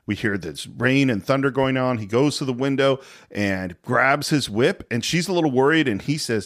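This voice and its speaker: A man's voice: medium pitch, expressive, normal speed, fairly bright tone. A man casually retelling a film scene by scene as a podcast host, laughing often. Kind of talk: casual movie recap chat.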